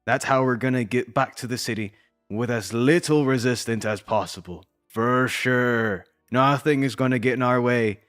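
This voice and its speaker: A man voicing a calm, confident veteran warrior who speaks with a folksy burr and calls people lad. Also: medium pitch, normal speed, clean tone, faint music behind, lightly acted. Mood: reassuring. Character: seasoned male warrior guide, calm and confident.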